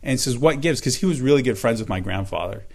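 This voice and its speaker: A middle-aged man giving a personal church testimony, earnest and halting, with many fillers and repeated words. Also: mid-range voice, lively intonation, creaky, a little mellow. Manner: reads scripture aloud in old-fashioned wording.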